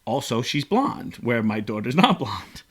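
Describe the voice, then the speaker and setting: A man's voice: medium pitch, sing-song, measured pace, breathy edge. A man hosting a podcast, telling stories in an emotional, rambling casual chat. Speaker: podcast host.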